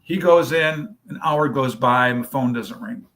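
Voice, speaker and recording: Man, charity founder, storyteller, acts out dialogue, mid pitch. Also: unhurried, a bit bright. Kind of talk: telling a story in a podcast interview.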